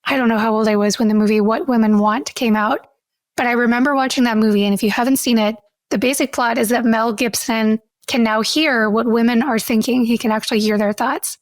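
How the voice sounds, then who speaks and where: A woman co-hosting a podcast in a casual chat, curious and quick to laugh. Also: a little high, fairly even intonation, no room sound. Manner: curious, laughs easily, asks questions. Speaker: podcast co-host.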